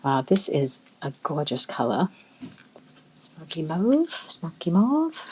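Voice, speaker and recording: A woman with an Australian accent, chatting casually and thinking aloud as she swatches fountain pen inks, with soft musing exclamations. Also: on the low side, a little hiss or hum, rough recording. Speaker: ink swatching vlogger. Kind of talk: casual chat while swatching.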